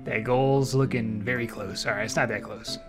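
A young man giving live gameplay commentary, excitable and trash-talking, swinging between low mutters and loud shouts. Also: moderate pace, faint music behind. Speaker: streamer playing an online game.

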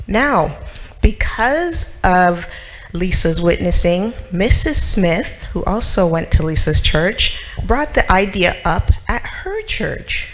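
A woman's voice: on the low side, very animated, slow, a little hiss or hum, poor audio. A woman telling a story to children in church, asking them questions and acting out the characters.

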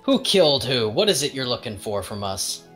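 A man's voice: mid-range voice, very animated, moderate pace, fairly bright tone, soft background music. A man voicing a wary adventurer who fires terse questions at a stranger. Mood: probing.

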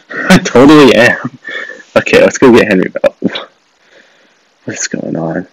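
A man's voice: on the low side, animated, takes it slowly, breathy edge, no room sound, rough recording. A man hosting a gaming video, commenting with sarcastic jokes and frequent laughter while he plays a mobile game. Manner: joking, sarcastic, swears, laughs often.

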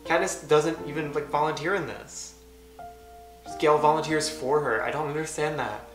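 A young man reads aloud from his childhood script and picks it apart with deadpan, self-mocking asides. His voice rings in a roomy space. Music plays clearly underneath. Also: a little high, moderate pace. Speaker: YouTuber. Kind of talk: casual reading and commentary.

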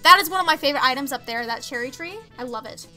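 A woman's voice: high-pitched, expressive, rapid-fire, sharp tone, faint music behind. A young woman streaming a game, chatting casually with viewers, reading chat aloud and making exasperated asides. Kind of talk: casual live-stream chat while gaming.

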